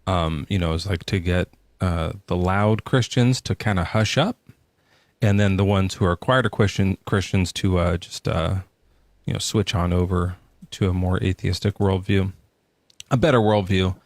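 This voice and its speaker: A man's voice: low-pitched, normal speed, no echo. A man hosting a casual livestream debate show, talking with many fillers and restarts. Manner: hedging, lots of fillers and restarts. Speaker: podcast host.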